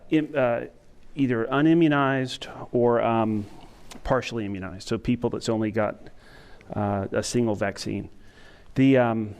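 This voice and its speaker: Man, middle-aged, medical training lecture, monotone, hesitant with fillers, smooth clear voice. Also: medium pitch. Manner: self-described monotone, halting with frequent fillers. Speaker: emergency physician giving a training lecture. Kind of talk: conference lecture to EMS staff. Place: lecture room with an audience.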